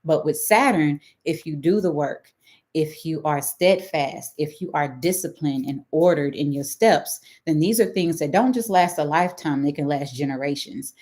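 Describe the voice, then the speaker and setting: Middle-aged Texan woman, deep for a woman, casual live-stream astrologer who keeps asking "right?". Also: moderate pace, darkish tone. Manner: chatty, checks in with "right?" and "okay?".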